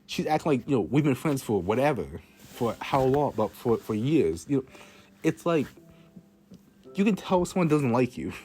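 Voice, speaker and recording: A man's voice: mid-range voice, big pitch swings, normal speed, warm tone. A teenage boy telling a rambling, self-mocking story about his own life, swearing often and restarting his sentences. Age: teens. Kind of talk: casual storytime monologue.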